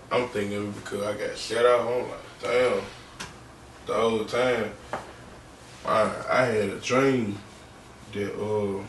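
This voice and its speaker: A young man in a podcast interview, telling a personal story in a halting, slangy, subdued way. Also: fairly low pitch, far from the mic. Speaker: podcast guest. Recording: roomy, off-mic, faint background noise.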